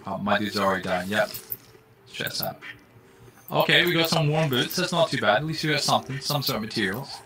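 A man streams himself playing a game, offering jokey, excitable commentary and cursing when startled. His mid-range voice moves briskly, with faint music in the background.

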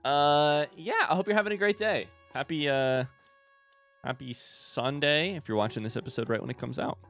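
A man's voice: a little high, moderate pace, vocal fry, a bit bright, faint music behind. A man hosting a casual let's-play video, chatting animatedly and talking back to the creatures in the game. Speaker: gaming video host.

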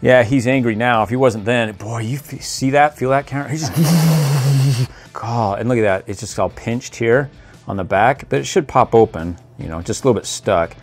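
A man's voice: medium pitch, moderate pace, faint music behind. A man hosting a casual toy review vlog, joking playfully and chuckling often as he unboxes toys.

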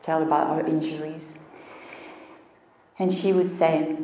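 A health coach tells her story with animated storytelling, slipping into her own inner voice as she goes. Her voice sits a little low and reaches the mic from a distance, carried through a roomy, echoing space. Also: measured pace, pauses often. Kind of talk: motivational talk.

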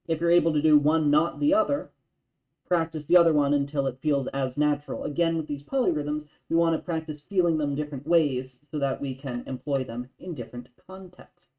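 A man's voice: on the high side, lo-fi sound. A man teaching an online music theory lesson, explaining plainly and counting rhythms aloud with sung syllables.

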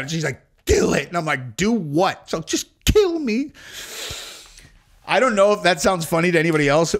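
A man's voice: a little high, a bit bright. A man in his forties, a podcast host, telling a rambling, profane story in casual talk and laughing at it.

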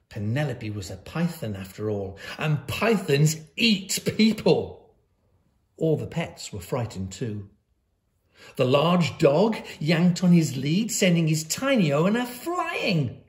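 A woman reading a children's picture book aloud at a school, with lively, dramatic delivery and slow pauses. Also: low-pitched. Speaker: school storyteller.

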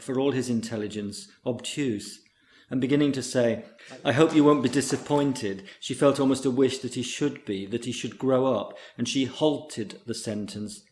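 Man reading literary fiction, measured. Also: mid-range voice, darkish tone, roomy sound. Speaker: reader. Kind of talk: literary short story reading.

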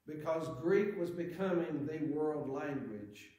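Earnest preacher in an echoey hall. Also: male voice, fairly high pitch, expressive, takes it slowly, dark tone. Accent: Southern American. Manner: earnest, reads scripture aloud with rising emphasis. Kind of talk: sermon.

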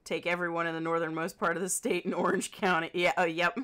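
A woman with an Indiana accent chatting casually with her viewers as a livestreamer, in a wry, joking way and quick to laugh. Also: fairly low pitch, level tone, fairly bright tone, clear, resonant tone. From Indiana, United States.

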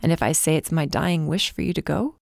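Woman doing a weak sick young guy, low hushed voice, begging quietly. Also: a little fast, vocal fry, no room sound, studio quality. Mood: weak, pleading. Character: young man, gravely ill and weak. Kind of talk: audiobook character voice.

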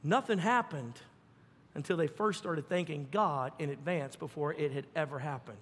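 A male pastor preaching a sermon with animated, folksy storytelling and fervent emphasis. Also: on the high side, normal speed, breathy edge, in a large hall.

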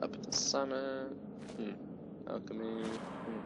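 A man's voice: lowish voice, fairly even intonation, slow, heavy background noise. A man giving casual, jokey commentary while playing a game, slipping into silly voices. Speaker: gameplay commentator. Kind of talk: casual let's-play commentary. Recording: game music playing behind.

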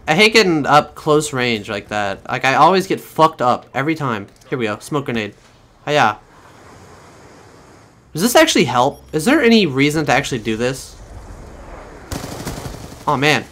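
A man giving profane, excitable commentary over his own gameplay and talking to his viewers. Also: medium pitch, moderate pace, pauses often. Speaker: gaming channel host.

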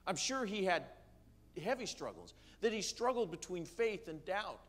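A pastor preaching in a church, reading scripture aloud and slowing down to stress key words, with the odd filler. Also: male voice, high voice, big pitch swings. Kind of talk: sermon reading and explaining scripture. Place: church sanctuary.

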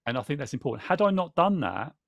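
A man's voice: a little high, sing-song, quick pace, creaky, dry recording, muffled recording. A man hosting a casual podcast, chatty and rambling, reading from a book and thanking viewers as he goes. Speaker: podcast host.

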